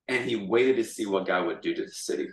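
A male pastor preaches in a chatty, animated storytelling way. His voice sits low. It echoes around the room and is picked up from a distance. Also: fast talker. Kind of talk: sermon.

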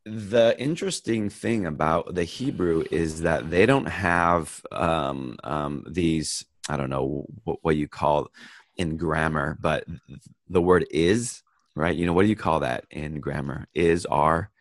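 A man leading a Bible lesson over a video call, praying first and then explaining a verse in a relaxed way with many pauses and restarts. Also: very deep voice, no room sound. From United States. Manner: unhurried, thinking aloud with fillers and restarts. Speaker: Bible study teacher. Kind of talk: casual Bible lesson with opening prayer. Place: online video call, sharing a screen.

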